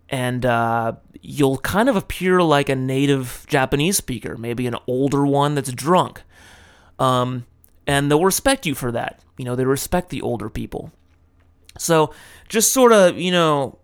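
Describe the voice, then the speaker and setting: A man's voice: mid-range voice, smooth. A man giving casual, tongue-in-cheek tips in a rambling, irreverent way, full of fillers and the odd swear word. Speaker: vlogger giving language tips.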